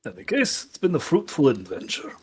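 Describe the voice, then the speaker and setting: A man's voice: a little high, huge pitch swings, quick pace, breathy edge. A man playing a tabletop game, making dry, wry remarks in character. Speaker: player. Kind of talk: casual tabletop role-play.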